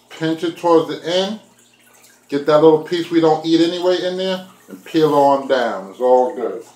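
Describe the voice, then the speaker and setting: A man's voice: a little high, normal speed, a little mellow, roomy sound, rough recording. A man chatting casually to his viewers while he makes food in his kitchen, talking to them directly. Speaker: vlogger. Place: home kitchen.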